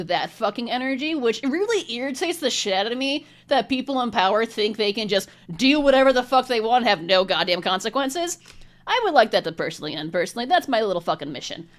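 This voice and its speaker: A woman's voice: a little high, fairly bright tone. A woman reading tarot cards in a vlog, talking bluntly and indignantly with heavy profanity. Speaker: tarot reader.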